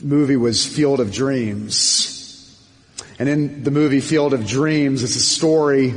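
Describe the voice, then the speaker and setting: A male pastor delivers an impassioned sermon, drawing out his words slowly. His voice sits fairly high and swells in emphatic runs, with a long hall reverb trailing behind it.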